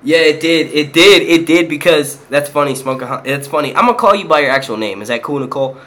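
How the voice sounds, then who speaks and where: A man's voice: fairly high pitch, quick pace, fairly bright tone. A young man from Philadelphia, hosting his own channel and chatting casually, profane and rambling, laughing often. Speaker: YouTube channel host. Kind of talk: casual live stream chat.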